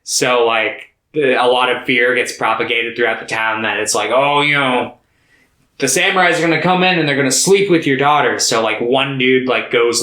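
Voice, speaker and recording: A man's voice: mid-range voice, pushed and bright, reverberant, rough recording. A man co-hosting a podcast, casually recapping a film with loose, profane, filler-heavy talk. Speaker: podcast co-host. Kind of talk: casual movie chat.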